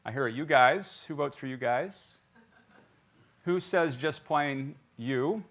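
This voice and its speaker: Speaking slowly at medium pitch, a South Carolina–raised man delivers a sermon from the church sanctuary. The pastor keeps things lively, cracking jokes and quizzing his congregation.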